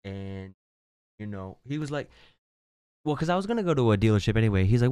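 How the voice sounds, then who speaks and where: A young man tells a casual podcast story with a lively, swinging voice that leaps up for emphasis. He swears freely and rambles along. The sound is dry and close on the mic. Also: fast talker, pauses often, clean tone, no room sound. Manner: animated, swearing, swinging pitch. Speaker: podcast host. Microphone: podcast microphone.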